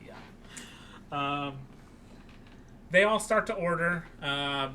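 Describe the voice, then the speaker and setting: Young man, podcast co-host, bright voice, slightly high, faint background hiss. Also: very slow. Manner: animated, acts out quoted lines with raised voice. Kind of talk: casual chat recapping a film.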